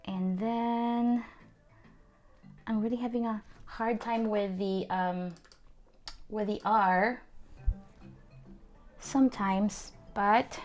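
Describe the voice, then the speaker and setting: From her desk, a young woman with a voice on the high side runs a casual online calligraphy workshop and demonstration. She's chatty and encouraging, laughing often and filling pauses with ums.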